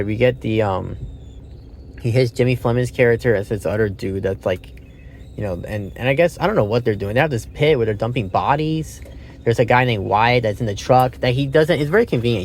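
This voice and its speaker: A man's voice: mid-range voice, creaky, a little hiss or hum. A man giving a casual, rambling spoken film review, swearing often and restarting his sentences with fillers.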